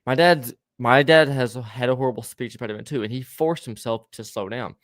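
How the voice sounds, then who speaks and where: A man's voice: mid-range voice, a little fast, no room sound. Podcast host guy w a slight stutter, swears a lot, dry close mic. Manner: swears freely, laughs often. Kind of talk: casual podcast chat.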